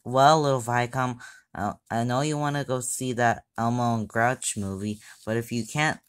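A woman doing Fox Kids, a calm patient friend. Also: extremely low pitch, moderate pace, smooth. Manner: soothing, reasoning, hesitant. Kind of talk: amateur skit voice acting.

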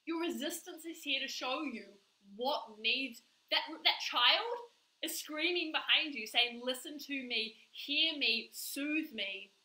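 A woman coach talking straight to camera, emphatic and animated, often acting out quoted voices. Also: fairly high pitch, reverberant, low-quality recording. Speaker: life coach. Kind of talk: direct-to-camera vlog talk.

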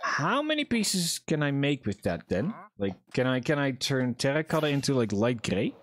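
Young male streamer, chatty and jokey, swears freely, very animated pitch. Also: normal speed. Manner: chatty, profane, jokey self-talk to viewers. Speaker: livestreamer. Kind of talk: casual gaming livestream chat.

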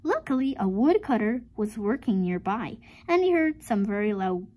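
A woman reading a picture book aloud to her viewers, with expressive storytelling and chatty asides. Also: medium pitch, moderate pace. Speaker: storybook reader.

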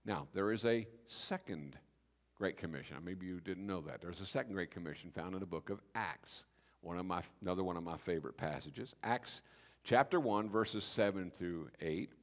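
A man preaching a sermon as pastor, telling the story with lively acted-out dialogue. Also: sits low, moderate pace. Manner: animated storytelling, acting out biblical speakers in voice. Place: church sanctuary. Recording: reverberant church hall.

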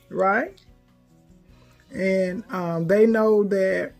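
A woman's voice: medium pitch, a little mellow. A woman hosting a casual live stream, emotional and teary, laughing through tears as she speaks.

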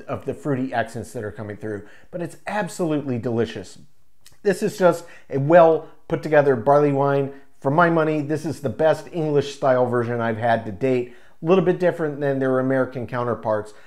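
A man's voice: medium pitch, a little mellow. Enthusiastic man reviewing a beer. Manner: enthusiastic, descriptive, savoring each word. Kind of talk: casual tasting review.

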